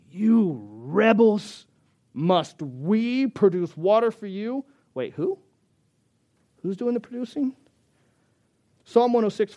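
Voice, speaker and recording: A middle-aged male pastor preaching with a fairly high voice for a man. He acts out the figures he quotes, swinging between loud outbursts and hushed asides, and keeps a casual, conversational tone with his congregation. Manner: animated, acts out the scripture and quotes with shifting voices. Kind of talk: sermon.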